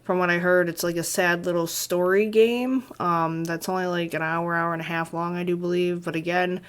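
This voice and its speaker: Young woman, vlogger; smooth clear voice, soft halting delivery with long pauses, emotional. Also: lowish voice, fairly even intonation. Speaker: vlogger and student. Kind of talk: candid talk to camera.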